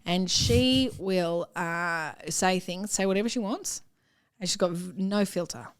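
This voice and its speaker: An Australian woman in her thirties co-hosting a comedy podcast, telling a story in a rambling, animated way and laughing often. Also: on the low side, measured pace, clean tone. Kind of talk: casual comedic chat.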